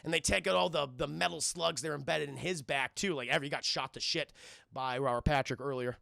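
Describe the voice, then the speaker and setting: A man excitedly retelling a film scene by scene to his stream chat, swearing freely and briefly acting out the characters' lines. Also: on the high side, creaky, no room sound, studio quality. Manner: excitable, swears, acts out lines in quick voices. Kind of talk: casual scene-by-scene recap.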